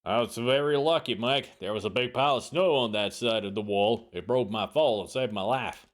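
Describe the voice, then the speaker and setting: A man voicing a calm male rescue pilot in a horror game, in a lowered, even tone. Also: moderate pace, close to an everyday voice.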